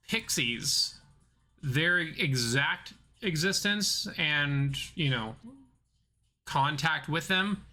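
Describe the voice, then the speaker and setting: A game master from southern North Carolina describes the scene for the players. The voice is bright and forward. The delivery halts often, with restarts and fillers. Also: mid-range voice. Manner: halting, many restarts and fillers while describing. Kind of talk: narrating a tabletop game.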